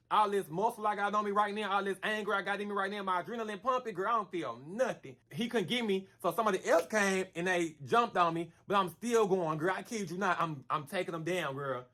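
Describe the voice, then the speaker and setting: Guy with a high voice rattling off a storytime vlog, slangy, keeps saying girl, acts out the punches with bam bam noises. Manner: animated, slangy, calls the listener "girl" constantly; acts out punches with sound effects. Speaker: storyteller vlogger.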